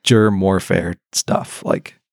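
A man's voice: deep voice, fairly even intonation, slow, vocal fry, darkish tone, no room sound, studio quality. A man co-hosting a podcast in casual chat. He talks animatedly and laughs often. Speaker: podcast co-host.

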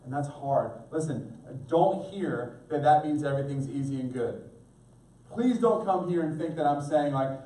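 A man's voice: fairly high pitch, lively intonation, normal speed, warm tone. A middle-aged male pastor preaching an earnest sermon, speaking directly to his congregation. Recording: echoey room, mic at a distance.

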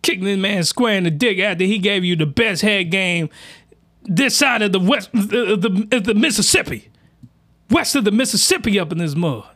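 High, lively man ranting crudely. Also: moderate pace. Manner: rowdy, slangy, exaggerated outbursts. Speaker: commentary host. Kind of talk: crude comedic reaction commentary.

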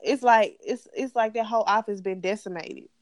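On a casual TV recap podcast, a woman co-host rants about the show in a blunt, profane, animated way. She has a mid-range voice at a normal speed, recorded dry and clean in a studio.

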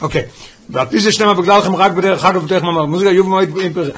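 A man leading a text study class, reading quickly from a Hebrew text and explaining it in English. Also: high voice, fairly bright tone, breathy edge. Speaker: Torah class teacher.

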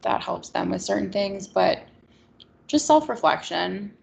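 A woman's voice: mid-range voice, expressive, unhurried, creaky, darkish tone, slight background noise. A woman in her twenties chatting candidly and reflectively, with a touch of sarcasm. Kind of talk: casual chat.

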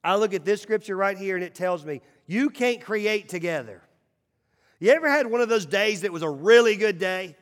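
High-voiced preacher in a reverberant hall. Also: male voice, expressive, moderate pace. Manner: emphatic, swinging between loud calls and hushed asides. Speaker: pastor. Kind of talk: sermon. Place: church sanctuary.

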